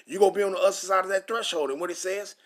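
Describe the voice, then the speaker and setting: Brief: male preacher, high-pitched voice, reads scripture, then curses and berates listeners. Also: rapid-fire. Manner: reads verses then rants with heavy profanity; stumbles over words. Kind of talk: confrontational scripture sermon.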